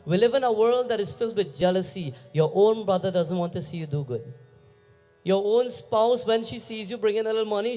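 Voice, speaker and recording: Trinidadian pundit giving a sermon at a house puja, high-ish voice, lots of questions to the crowd. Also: male voice, expressive, brisk, mellow, faint music behind. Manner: storytelling preacher, rhetorical questions to the crowd. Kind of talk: Hindu religious discourse. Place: private home, religious gathering.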